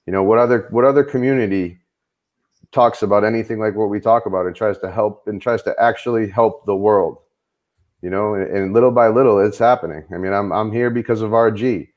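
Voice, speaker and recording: A man with a low voice talks earnestly on a live chat show. He rambles, repeats words and restarts his sentences often. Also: brisk, darkish tone. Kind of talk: casual chat.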